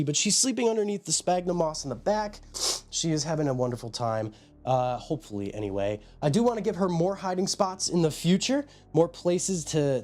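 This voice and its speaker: Lively, chatty man on a live stream. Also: a little high. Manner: rambling and chatty, greets viewers by name. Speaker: live streamer showing his pet enclosures. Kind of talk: casual live-stream chat. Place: room at home.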